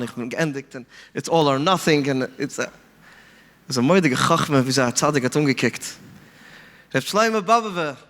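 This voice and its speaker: A man telling stories in an animated way, mixing in Yiddish phrases and acting out the people he quotes. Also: a little high, long reverb tail. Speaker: podcast guest speaker. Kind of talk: storytelling talk.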